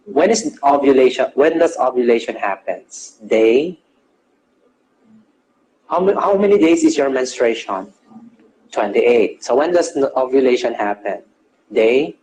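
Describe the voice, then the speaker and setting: Over poor audio with a little hiss or hum, a nursing lecturer with a medium-pitched, darkish voice teaches his class. He quizzes the students, supplies his own answers, explains English terms as he goes and tags almost every phrase with "okay?".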